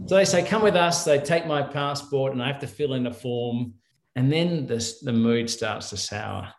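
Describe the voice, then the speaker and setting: A man's voice: mid-range voice, normal speed, roomy sound. A middle-aged man, a guest doctor, telling stories in a rambling, restarting way in a casual interview. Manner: rambling, with many restarts and fillers.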